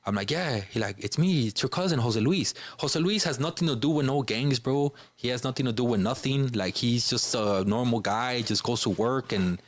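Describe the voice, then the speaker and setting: A man's voice: mid-range voice, normal speed, few pauses, dry recording. A man from Chicago, a podcast guest, telling a personal story in a casual, informal way, filling his speech with "you know" and "bro".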